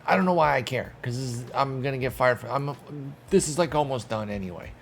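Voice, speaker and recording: In a mid-range voice with vocal fry, a young man streams a game and chatters briskly to himself and at the screen, erupting in mock-outraged, swear-laden exasperation. A little hiss or hum sits under the recording.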